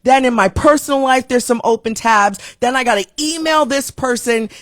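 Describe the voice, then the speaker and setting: A woman talk show host telling a comic story in a casual, animated way. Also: normal speed, dry recording, studio quality. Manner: animated, comic storytelling with big pitch swings.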